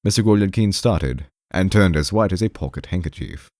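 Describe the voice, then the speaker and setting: A man narrating a classic novel as an audiobook in a measured, expressive way. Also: low voice, no room sound, studio quality.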